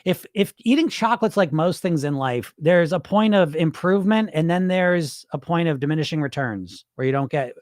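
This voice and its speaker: Fired-up, profane man, high voice. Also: lively intonation, normal speed, hardly any pauses, dry recording, studio quality. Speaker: weight loss coach and hypnotist. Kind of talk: livestream talk answering chat.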